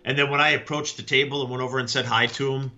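A man co-hosting a podcast, telling stories with animated energy in a bright voice. The recording sounds dull and lo-fi. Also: mid-range voice, fast talker. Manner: animated storyteller, acts out quotes. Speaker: podcast co-host. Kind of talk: casual chat.

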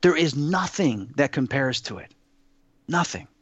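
A man telling a personal story as an interview guest, in an awed, halting way with many restarts. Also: medium pitch, expressive, slightly rough, no room sound, muffled recording.

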